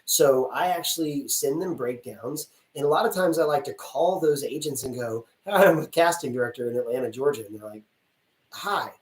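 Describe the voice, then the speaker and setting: A man who works as a casting director answers questions on a live stream, chatty and lively, acting out little scenes. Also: medium pitch, normal speed, echoey room, recorded from a distance, poor audio.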